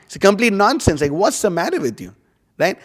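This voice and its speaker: A man giving a casual scripture class, rambling and animated, with lots of "you know" and "like". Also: sits high, fairly quick, faint music behind. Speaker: devotional class speaker. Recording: long hall reverb.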